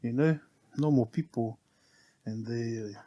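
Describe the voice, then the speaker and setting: Laid-back New Zealand barber telling stories. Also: male voice, medium pitch, slow pace. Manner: relaxed, laughs often, ends phrases with "eh". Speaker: podcast guest, barber. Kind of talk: casual storytelling interview.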